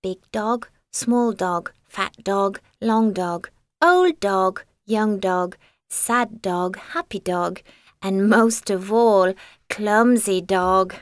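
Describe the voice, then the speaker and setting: A woman reading a children's story aloud in a slow, expressive storytelling manner. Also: medium pitch, no room sound, studio quality.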